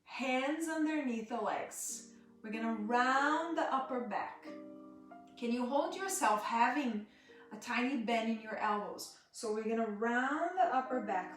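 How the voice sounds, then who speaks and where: A woman with guides a gentle yoga class in an unhurried, high-ish voice, mixing breathing cues with friendly asides. She sits back from the mic in a very echoey room. Guitar music plays clearly underneath. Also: expressive, distant mic. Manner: soft, slow cueing with chatty asides to viewers. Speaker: yoga teacher.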